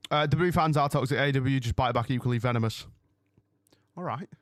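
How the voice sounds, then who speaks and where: A man's voice: medium pitch, racing, no echo. A man chats through a live watch-along stream from his room, rambling loosely from one point to the next. His voice sits in a middle register and is recorded close and dry, with no room sound. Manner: rambling and chatty, loses his train of thought. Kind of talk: casual live-stream chat. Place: home room.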